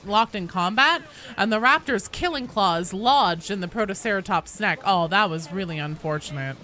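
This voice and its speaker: Animated, foul-mouthed woman streamer. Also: mid-range voice. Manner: animated, swears freely, talks to chat while playing. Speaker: game streamer. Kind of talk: casual live-stream chat while gaming.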